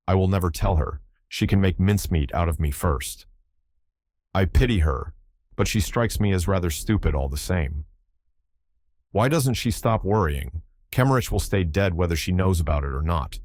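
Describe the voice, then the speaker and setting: A man reading a novel aloud in first person as an audiobook narrator, in a measured, somber manner. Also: sits low, animated, darkish tone, no room sound, clean studio sound.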